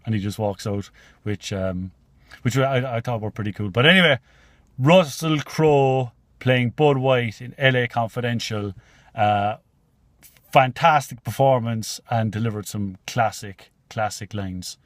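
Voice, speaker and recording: A man's voice: medium pitch, fairly even intonation, moderate pace, no echo. A man casually retelling film scenes, rambling with many fillers and swearing. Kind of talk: casual storytelling.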